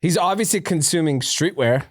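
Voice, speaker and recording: A man's voice: a little high, lively intonation, moderate pace, no room sound, studio quality. A man co-hosting a casual podcast, telling loose anecdotes full of swearing and laughter. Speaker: podcast co-host. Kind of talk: casual chat.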